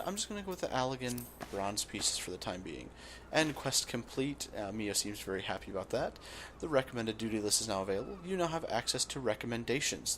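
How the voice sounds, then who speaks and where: A man hosting a let's play, giving relaxed game commentary and thinking aloud with fillers. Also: medium pitch, slight background noise.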